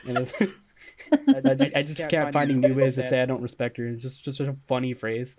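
Young male podcast co-host, casual rambling storyteller, mid-pitched. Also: moderate pace, a loud crowd. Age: young adult. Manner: laid-back storytelling, frequent fillers and laughs. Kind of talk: casual chat.

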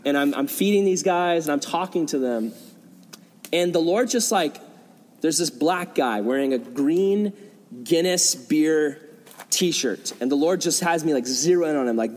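A young man, a youth pastor, telling a story in a sermon, animated and acting out quotes with casual fillers, in a large hall before an audience. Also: fairly high pitch, normal speed. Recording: long reverb in a hall.

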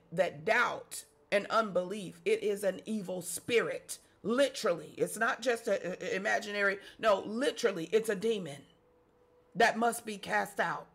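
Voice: medium pitch, unhurried, vocal fry, a bit bright. A preacher giving a sermon, reading scripture aloud and repeating phrases and rhetorical questions to the congregation.

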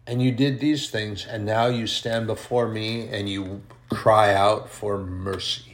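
A man voicing God on his throne, judging the wicked in a booming, accusing voice with a string of rhetorical questions. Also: steady tone, slow. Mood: stern, accusing.

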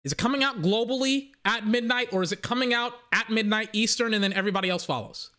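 Young male podcast host, bright tone, loose excitable rambling chat. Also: high voice, fast. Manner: rambling, excitable, swears casually. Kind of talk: casual solo podcast chat.

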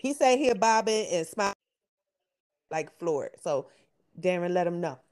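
A woman's voice: lowish voice, lively intonation, moderate pace, darkish tone. A woman hosting a podcast from her home, gushing with praise and close to tears, repeating herself as she talks. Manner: effusive, repeats herself, Southern-style "y'all" talk. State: holding back tears. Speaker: podcast host. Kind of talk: casual chat, emotional praise. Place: home studio.

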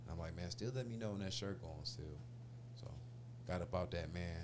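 Man in his forties, low voice, casual slangy storytelling, profane, faint hum behind. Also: brisk. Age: 40s. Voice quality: profane slangy street talk, animated retellings.

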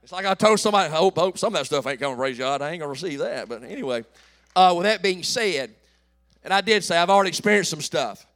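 A pastor in his late forties preaching a folksy call-and-response sermon that builds to shouts. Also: fairly high pitch, expressive, fast talker. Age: 40s.

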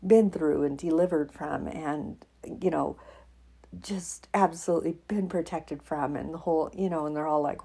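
A woman's voice: sits low, moderate pace, creaky, mellow, breathy edge. A woman hosting a podcast, telling a personal faith story in an emotional way and laughing often as she talks. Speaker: podcast host.

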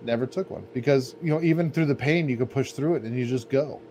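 A man's voice: mid-range voice, quick pace, dark tone. A man co-hosting a podcast, telling stories in a laid-back, rambling way full of "like". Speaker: podcast co-host. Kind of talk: casual podcast chat. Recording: faint background noise.

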